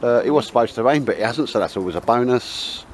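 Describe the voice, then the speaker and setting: A man's voice: medium pitch, lively intonation, fast, a little hiss or hum. A man hosting, in a rambling, matey casual chat outdoors in the woods. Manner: rambling and matey, always saying mate and sir. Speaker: host.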